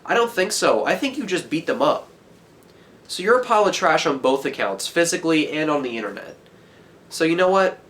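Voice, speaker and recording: A teenage guy's voice sitting a little high for a man, heated and full of swearing. He rants straight into the camera and yells at it. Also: sing-song, brisk. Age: teens. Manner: heated, profane, yelling. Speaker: vlogger. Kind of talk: angry rant to camera.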